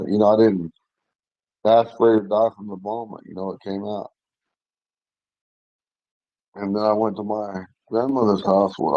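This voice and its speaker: Slightly hoarse man telling a rambling story. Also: lowish voice, no echo, highs cut off. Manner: rambling, with restarts and frequent throat clearing. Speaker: language class member telling a story. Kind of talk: casual personal storytelling.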